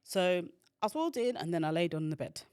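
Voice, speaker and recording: A woman who founded and hosts a podcast tells a personal story in a chatty, filler-heavy way, acting out the voices she quotes. Her lowish voice is animated, fast, a little mellow and clean in tone.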